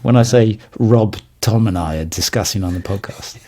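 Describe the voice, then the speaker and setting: Low-voiced man, laughing storyteller. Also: moderate pace. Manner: chuckles often, relaxed storytelling. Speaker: podcast co-host. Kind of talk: casual chat.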